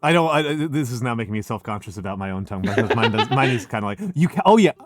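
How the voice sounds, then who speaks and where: A man's voice: mid-range voice, lively intonation, quick pace, crowd noise. A male streamer hosting a casual chat, rambling with many fillers and restarts. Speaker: streamer and host.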